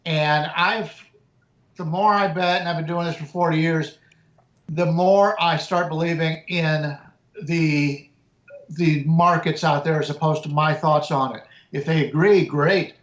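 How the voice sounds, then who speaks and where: A man, a sports handicapper, giving measured betting analysis and often restarting his words. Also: on the high side, steady tone, roomy sound, muffled recording.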